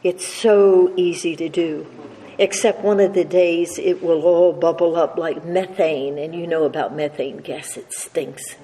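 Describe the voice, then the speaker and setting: An older woman's lowish, dark voice stays steady and unhurried as she shares a funny personal story with a recovery meeting. She has a slight stutter and restarts many times while the audience in the reverberant hall laughs. There is faint background noise.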